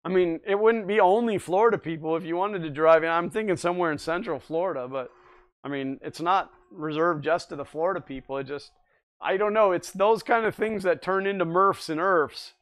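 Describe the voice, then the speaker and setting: Easygoing and quick to laugh, a livestream host talks casually while reading out comments from viewers. His voice sits high and moves a little fast.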